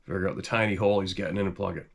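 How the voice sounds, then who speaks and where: A middle-aged Canadian man with a stuffy head cold, chatting casually to camera in a rambling, animated way. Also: sits low, racing, vocal fry. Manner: rambling and animated, chuckles often, voice jumps up when quoting himself. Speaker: hunting channel host.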